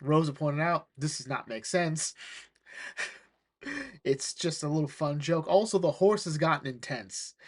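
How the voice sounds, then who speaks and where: Male comics reviewer, casual and rambling, animated delivery, slightly raised pitch. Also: a little slow, pauses often. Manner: rambling, animated, sprinkles "like" and "all right?". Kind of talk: excited casual retelling of a comic.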